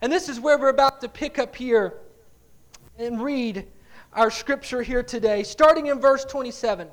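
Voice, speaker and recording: High-voiced animated male preacher. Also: moderate pace. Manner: animated storytelling, swings from quiet asides to loud dramatic cries; repeats words while building up a point. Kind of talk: sermon.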